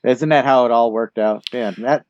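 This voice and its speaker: A man's voice: mid-range voice, normal speed, darkish tone, no room sound. A man co-hosting a podcast, chatting about a movie with joking asides. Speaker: podcast co-host. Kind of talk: casual movie-review chat. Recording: dull, dry lo-fi recording.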